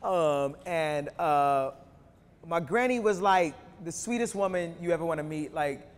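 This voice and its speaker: A man performing slam poetry before an audience, rhythmic, with emphatic rises between relaxed, joking asides. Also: a little high, a little slow. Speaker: performance poet. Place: university hall before an audience. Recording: long hall reverb from a live stage.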